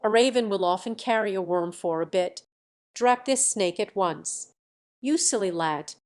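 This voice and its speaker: A woman reading a blustering middle-aged cake maker from a fairy tale. He is gruff and scolding, and his voice stays close to her ordinary reading tone. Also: mid-range voice, measured pace, a little mellow, natural voice.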